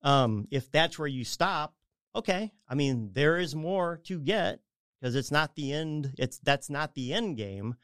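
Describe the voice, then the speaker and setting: A man's voice: on the high side, lively intonation, a little slow, fairly bright tone, clear, resonant tone, dry recording, studio quality. A man on a radio show casually explaining home equity and debt, rambling and correcting himself as he goes. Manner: rambling, self-correcting, acts out clients' voices. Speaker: mortgage advisor guest.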